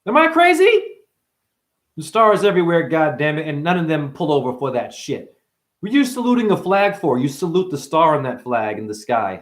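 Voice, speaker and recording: A man delivering a rambling spiritual monologue, full of swearing, wordplay and sudden swings from muttering to shouting. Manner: profane, wordplay-driven, jumps between wild pitch swings and mutters. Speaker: spiritual speaker.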